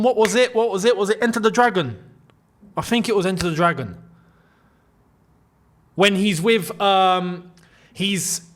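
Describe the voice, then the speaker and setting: A man hosting his own football channel, talking straight to his viewers in a jokey, animated way. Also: high-pitched. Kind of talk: casual football commentary vlog.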